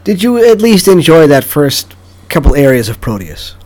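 A man co-hosting a podcast, joining in with playful teasing and quick reactions. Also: on the high side, big pitch swings, darkish tone. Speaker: podcast co-host. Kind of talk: casual chat.

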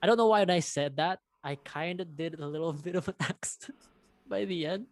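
A man's voice: on the high side, fairly quick, no room sound. A man from the Philippines, co-hosting a podcast in casual chat, rambling with lots of fillers and restarts. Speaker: podcast co-host.

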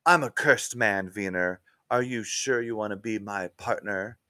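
Man doing a gruff, weary old detective. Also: unhurried, bright, forceful tone, dry recording, clean studio sound. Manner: grumbling, lower voice. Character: gruff, world-weary mustached male detective.

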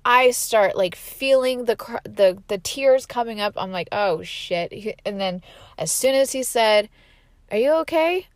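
A woman's voice: medium pitch, a little slow, no echo, clean studio sound. A woman giving a casual motivational talk, candid and rambling, with lots of "like" and "right?" fillers.

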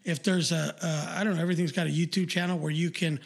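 A high-voiced man hosts a podcast live stream in loose, casual chat. He rambles bluntly, swears freely and fills gaps with "uh". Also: flat delivery, fast, vocal fry. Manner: rambling, blunt and profane, heavy on fillers. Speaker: podcast co-host.

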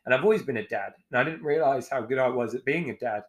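Forties guy being real candid on a podcast, swears a lot, middling pitch, acts out what people said. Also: quick pace. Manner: frank and emotional, swears freely, acts out past dialogue. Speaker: podcast guest, executive chef. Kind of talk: candid conversational storytelling.

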